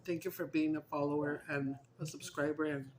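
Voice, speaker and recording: A woman's voice: deep voice, fairly even intonation, brisk, crowd noise. Giggly woman vlogger. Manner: giggly, breaks into laughter, mixes Spanish into English. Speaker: mukbang vlogger. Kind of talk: casual chat to viewers.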